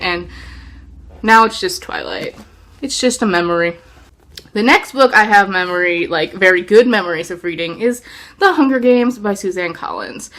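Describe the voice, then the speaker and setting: A woman's voice: mid-range voice, fairly bright tone. A young woman chatting casually to camera about the books she read, rambling along with lots of fillers. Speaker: book vlogger.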